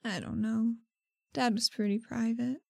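A woman's voice: fairly high pitch, fairly even intonation, unhurried, creaky, dry recording, clean studio sound. Woman voicing a hesitant, guilt-ridden young daughter. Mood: subdued. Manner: hesitant, soft-spoken, trailing off. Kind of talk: voicing a character in a tabletop game.

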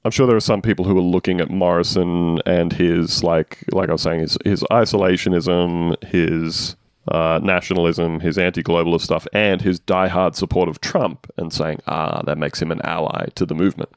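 A man's voice: sits low, fairly even intonation, moderate pace, no echo, studio quality. A male podcast host chatting casually and reading news aloud with jokey asides.

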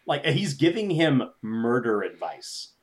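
A man co-hosting a casual movie review podcast, easygoing and quick to agree. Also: mid-range voice, very animated. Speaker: podcast co-host.

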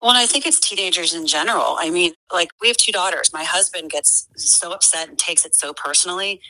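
A woman's voice: on the low side, brisk, sharp tone, rough recording. A woman in her forties talking earnestly as a podcast guest, with many fillers and restarts. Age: 40s. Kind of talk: casual conversation.

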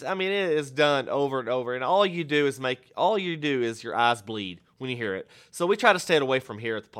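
A man's voice: mid-range voice, fairly bright tone, clean tone. A man hosting a podcast, rambling and joking in casual banter, often cutting himself off mid-sentence. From Texas. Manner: joking, rambling, self-interrupting. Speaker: podcast host.

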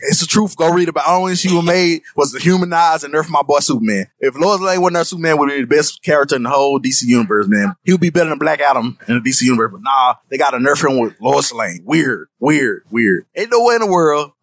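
A young man hosts a casual podcast chat, his voice a touch high and swinging widely in pitch. He sounds opinionated and animated and laughs often. The sound is close and dry. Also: quick pace, hardly any pauses, no echo. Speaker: host.

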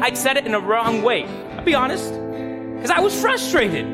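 High-voiced pastor preaching over guitar music. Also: male voice, sing-song, brisk. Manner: conversational, emphatic storytelling with direct questions to the congregation. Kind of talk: sermon. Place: church.

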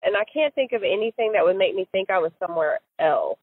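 A woman's voice: mid-range voice, expressive, quick pace, breathy edge. A woman recalling events in an interview, hesitant, with many fillers and restarts. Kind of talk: casual recorded interview. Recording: tinny phone-line sound, dry.

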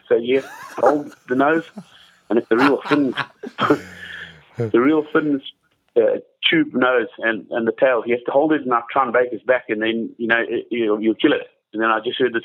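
A man guest telling stories in casual chat, halting with many restarts and fillers. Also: mid-range voice, fairly even intonation, a bit bright, poor audio. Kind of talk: casual storytelling.

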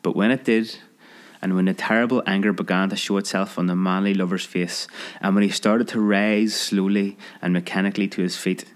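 A man narrating a children's story aloud in a lively, expressive reading. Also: low voice, fairly quick.

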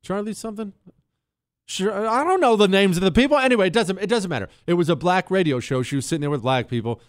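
A man's voice: high voice, lively intonation, fast talker, dry recording. A man hosting a talk radio show, delivering an emphatic, opinionated monologue with sarcastic asides into a studio microphone.

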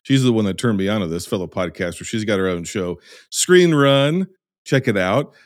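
A man's voice: lowish voice, expressive, moderate pace. An American man hosting a podcast, chatting casually and teasing his guest with a jokey, giggly manner. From United States. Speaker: podcast host.

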